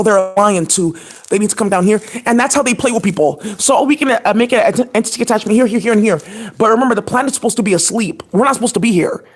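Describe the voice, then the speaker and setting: A channel host delivers a long, scattered monologue to camera. The voice is husky and sits at an ordinary middle pitch. The talk is profane and indignant, full of fillers and restarts.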